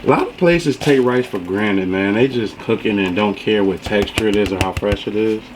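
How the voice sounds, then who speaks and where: A man's voice: lowish voice, normal speed, noisy background. A man hosting a casual food review in a kitchen, chatty and folksy, often saying "you know". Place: home kitchen beside the stove. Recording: loud frying sizzle behind.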